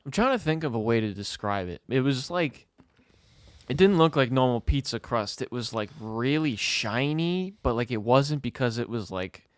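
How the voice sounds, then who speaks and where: A man's voice: medium pitch, smooth, no room sound, studio quality. A young man co-hosting a casual chat podcast, laid-back and profane, asking follow-up questions. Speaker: podcast co-host.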